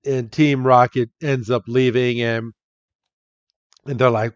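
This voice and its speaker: A man's voice: mid-range voice, little pitch movement, no echo, dull audio. A man co-hosting a podcast, casually recapping an episode and acting out the characters' lines. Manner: slow retelling with acted-out quotes. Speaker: podcast co-host.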